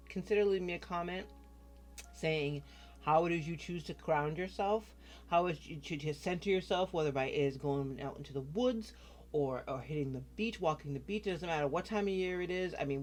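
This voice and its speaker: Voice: mid-range voice, a little mellow. A tarot reader giving a casual card reading straight to the viewer, talking frankly and cursing freely. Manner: chatty, frank, swears freely, addresses the viewer directly.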